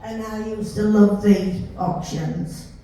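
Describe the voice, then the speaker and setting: Older Yorkshire woman reminiscing slowly. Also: medium pitch, fairly even intonation. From Yorkshire, England. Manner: chatty, warm storytelling with laughs. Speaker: storyteller recalling her life. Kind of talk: casual reminiscing. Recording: roomy, distant mic with faint hiss.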